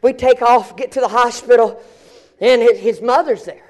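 In a sermon, a middle-aged male pastor recounts a story with colloquial energy, often restarting and repeating himself. He sounds very high-pitched and keeps a moderate pace.

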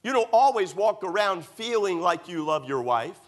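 A pastor from Maryland delivers a sermon in a church, his voice sitting a little higher than most men's. He mixes homey stories with emphatic rhetorical questions. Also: very animated, moderate pace, faint music behind. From United States (Maryland). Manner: folksy storytelling preacher, rhetorical questions, emphatic.

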